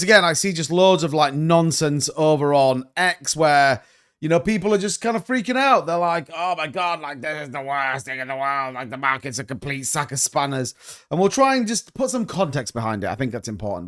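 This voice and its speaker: A man hosting a crypto livestream, chatting casually and greeting viewers by name. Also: a little high.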